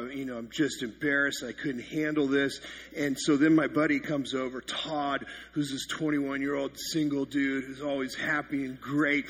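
A man's voice: fairly high pitch, fairly bright tone, breathy edge. A man in his thirties, a pastor giving a sermon that opens with funny, self-mocking stories. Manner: self-deprecating storytelling with comic exaggeration.

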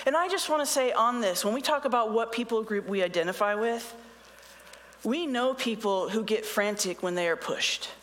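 A woman's voice: fairly high pitch, moderate pace, fairly bright tone, long reverb tail. A woman pastor preaching a conversational sermon, reading scripture and adding sarcastic asides.

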